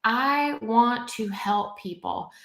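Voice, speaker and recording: Woman podcast guest, animated and chatty, recorded in a roomy space. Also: on the high side, takes it slowly. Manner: animated, acts out quoted people, peppers talk with "like" and "right?". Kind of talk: casual conversation.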